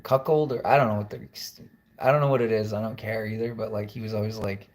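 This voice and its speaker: A man's voice: fairly low pitch, steady tone, normal speed, darkish tone. A man rambling through a confessional video monologue, blunt and profane, wandering from thought to thought. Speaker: musician vlogger.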